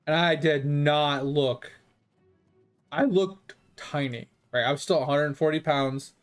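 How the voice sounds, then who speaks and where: A man's voice: fairly high pitch, slow pace, soft background music. Rambling, profane male streamer. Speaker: game streamer. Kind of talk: casual storytelling.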